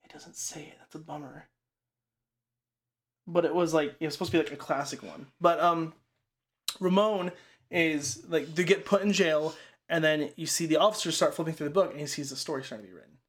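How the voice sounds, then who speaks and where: In relaxed, unscripted chat among friends, a man with a voice a bit higher than most men's talks fairly quickly through a horror film plot. He rambles, says "like" constantly and swears casually.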